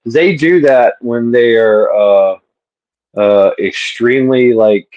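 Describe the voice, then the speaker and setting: Man, mid-pitched, muffled lo-fi sound, halting and casual, searching for words. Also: darkish tone. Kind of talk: casual chat.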